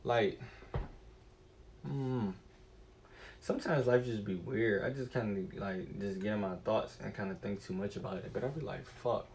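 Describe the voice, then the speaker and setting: A man's voice: fairly low pitch, normal speed, pauses often, a little hiss or hum. A man streaming a casual, rambling monologue, cursing freely as he muses aloud. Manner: profane, animated and musing.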